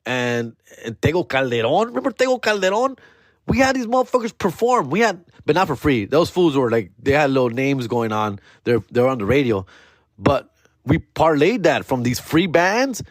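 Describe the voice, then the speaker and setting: A man's voice: medium pitch, big pitch swings, normal speed, no room sound, studio quality. A man, a comedian and podcast host telling a story in casual, slang-heavy talk, acting out quotes.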